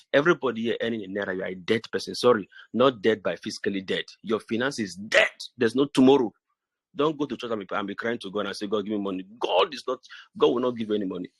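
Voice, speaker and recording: A man's voice: medium pitch, a bit bright, husky, no room sound. A middle-aged man with a Nigerian accent, giving a preachy motivational talk to his business group with many restarts and repeated phrases. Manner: preachy and repetitive, stammers and restarts.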